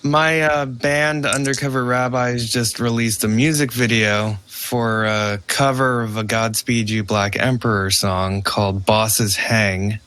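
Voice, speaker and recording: A man's voice: mid-range voice, steady tone, unhurried, few pauses, a bit bright, smooth. A man co-hosting a podcast in casual chat, telling winding stories with laughs. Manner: rambling, laughing storyteller. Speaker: podcast co-host.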